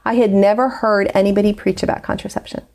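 Woman guest, mid-pitched, earnest and heartfelt, personal story told with many ums. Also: fairly even intonation, quick pace, vocal fry, a little mellow. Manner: earnest, heartfelt, with frequent fillers. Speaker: interview guest.

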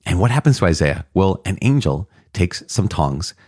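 A man preaching a Catholic sermon, earnest and animated, who acts out short quotes and laughs at his own asides. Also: low voice, moderate pace, husky, no echo, studio quality.

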